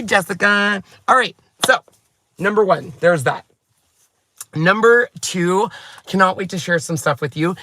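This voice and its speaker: Chatty, animated man in his forties. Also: high-pitched, no echo. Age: 40s. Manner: chatty, animated and self-mocking, with bursts of laughter. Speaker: craft YouTuber and host. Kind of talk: chatty vlog storytelling to viewers.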